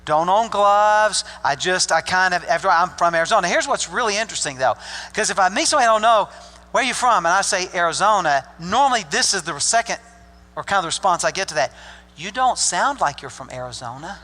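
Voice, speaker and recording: Joking older pastor in a reverberant sanctuary. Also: male voice, high-pitched, lively intonation, fast, pushed and bright. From Arkansas. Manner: folksy, joking asides to the congregation. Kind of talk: sermon. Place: church sanctuary. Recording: long hall reverb.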